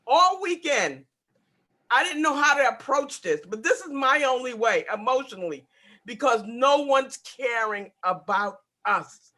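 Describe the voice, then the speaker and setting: An upset woman in her sixties pleads during public comment, repeating her points in a very high, bright voice. She is heard over a video call. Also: expressive, measured pace. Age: 60s. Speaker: public housing resident speaking at a community board meeting.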